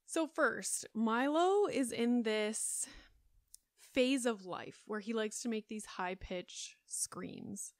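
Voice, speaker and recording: A woman's voice: fairly high pitch, slow, dry recording, studio quality. Chatty woman hosting a solo podcast. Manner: chatty, rambling, many fillers. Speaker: podcast host. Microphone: close studio mic.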